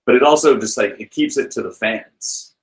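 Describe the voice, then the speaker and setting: A man guest on a podcast, telling stories in a rambling, animated way with many "like"s and "you know"s. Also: medium pitch, normal speed, poor audio. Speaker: guest, film director and author. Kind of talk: casual podcast interview.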